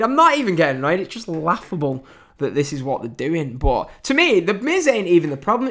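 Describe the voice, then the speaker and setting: A man, hosting a wrestling podcast in an exasperated, sweary ranting style. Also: high-pitched. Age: 20s. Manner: exasperated, sweary, swings from loud outbursts to mutters. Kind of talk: casual ranting commentary.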